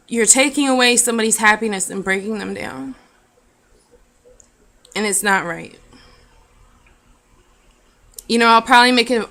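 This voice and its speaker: A young woman vlogger telling a personal story in an earnest, halting, emotional way. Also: mid-range voice, fairly bright tone. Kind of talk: personal confessional vlog.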